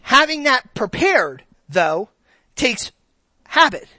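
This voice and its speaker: Bright-voiced woman preaching, playful. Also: high voice, slow, dry recording. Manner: lively, joking, acts out quotes in voices. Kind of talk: conversational sermon.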